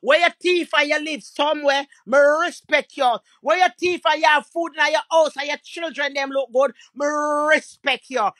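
A woman with a Jamaican accent delivering a loud, aggressive, profane diss rant full of mocking insults. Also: high voice, steady tone, moderate pace, hardly any pauses, no echo. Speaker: social media personality. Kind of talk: angry diss rant to camera.

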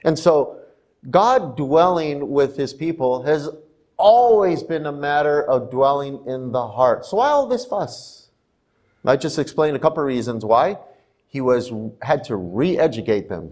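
Male pastor, mid-pitched voice, relaxed storytelling sermon in a church. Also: unhurried. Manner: conversational, laughs at himself while telling stories. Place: church sanctuary.

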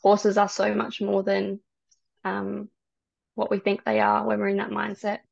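A woman guest on a podcast telling her story in casual chat, soft and hesitant with many ums. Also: mid-range voice, completely flat delivery, a little slow, vocal fry, no echo. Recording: dry, dull lo-fi sound.

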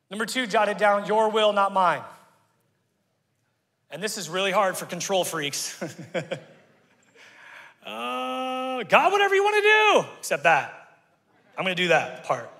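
Man, pastor preaching a sermon, high voice, bright ringing tone, long church reverb. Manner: energetic, conversational preaching with call-and-response. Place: church sanctuary.

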